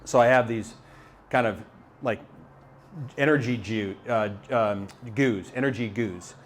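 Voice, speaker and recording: Brief: male speaker, mid-pitched, spinning an adventure tale for a live crowd, halting and animated, faint noise behind. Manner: animated, halting storyteller with many repeats and fillers. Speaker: motivational speaker. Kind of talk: live storytelling talk to an audience. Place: talk venue with a live audience.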